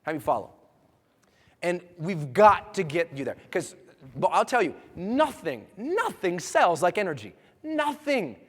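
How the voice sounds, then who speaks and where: A man's voice: very high-pitched, fairly bright tone. A man giving a motivational seminar talk to a live audience, telling stories with energy and strong emphasis. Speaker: motivational speaker. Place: large hall with live audience. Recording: echoey hall reverb.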